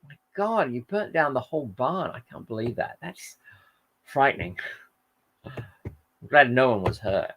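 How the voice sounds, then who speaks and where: A man's voice: medium pitch, big pitch swings, unhurried, pauses often, fairly bright tone, a little hiss or hum. An Australian man hosting a casual livestream, reading viewer comments aloud and rambling in friendly chat.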